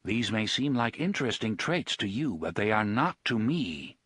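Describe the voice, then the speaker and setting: A man's voice: lowish voice, very animated, moderate pace, a bit bright, slightly rough, dry recording, studio quality, heavily acted. A man voicing a cold, arrogant male computer that runs a train and makes threats. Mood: demanding. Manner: cold, demanding, meditative.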